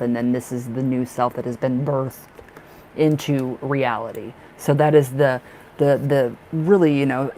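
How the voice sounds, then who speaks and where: A man doing a live tarot reading, chatty and excitable, who laughs often and fills his talk with restarts. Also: medium pitch, a little hiss or hum, rough recording. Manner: chatty, with many fillers and restarts. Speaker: tarot reader.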